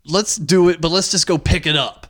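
A man's voice: a little high, moderate pace, fairly bright tone. A man co-hosting a podcast, telling a story in casual chat with a lot of swearing. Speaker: podcast co-host.

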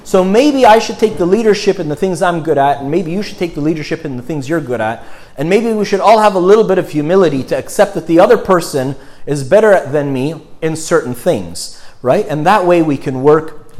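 A man's voice: fairly high pitch, a little mellow. Man preaching in a chatty, conversational way. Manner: conversational, frequent "right?" check-ins. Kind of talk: sermon.

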